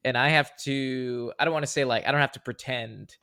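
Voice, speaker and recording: Young male podcast co-host, gravelly and lively, bursts into mock voices, dry booth sound. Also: medium pitch, brisk, dry recording. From California. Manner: animated, jumps into loud mock voices. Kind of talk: casual chat.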